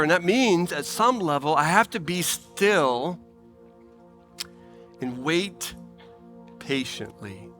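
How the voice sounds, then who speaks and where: A man preaching a sermon as pastor, earnest and pleading, repeating phrases for emphasis and swinging between animated bursts and soft, low asides. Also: slow, pauses often, soft background music.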